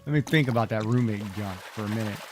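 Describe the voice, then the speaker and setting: A man's voice: fairly low pitch, fast talker, faint music behind. Rambling, exclamatory middle-aged male streamer. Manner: rambling, exclamatory, talks back to game characters. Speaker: game streamer. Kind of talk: casual chat while playing.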